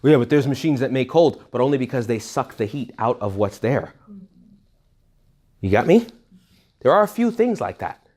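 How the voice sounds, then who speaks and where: Priest guy doing a retreat talk, chatty and animated, keeps asking the room questions, mid pitch. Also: normal speed, long pauses. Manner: animated and conversational, jumping between questions, jokes and asides; rhetorical questions directed at the audience. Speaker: Catholic priest leading a retreat. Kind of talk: informal retreat talk to young adults.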